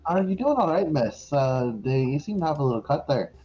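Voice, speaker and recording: A man's voice: a little high, expressive, a little fast, mellow, lightly acted. A man voicing a tall, kindly dragon-folk warrior in a tabletop game, folksy and blunt, on a dull lo-fi recording with faint music. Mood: friendly. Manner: gruff folksy address, calls women lass.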